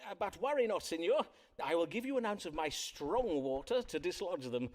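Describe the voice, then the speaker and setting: Period physician-astrologer, archaic courtly speech, lively pitch, game character. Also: male voice, moderate pace. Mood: courteous. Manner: archaic polite speech, forsooth and pray. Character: courteous old-time London doctor and astrologer. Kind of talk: video game voice acting.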